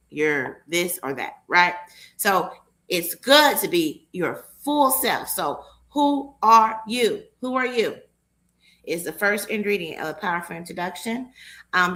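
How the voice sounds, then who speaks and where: Woman life coach on a livestream, slow and emphatic, bright tone. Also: lowish voice. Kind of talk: live coaching session.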